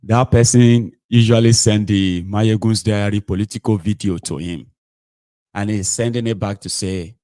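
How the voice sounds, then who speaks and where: A man's voice: lowish voice, steady tone, normal speed, mellow, no room sound. A man with a Nigerian accent giving sarcastic political commentary, mocking and switching between English, Pidgin and Yoruba.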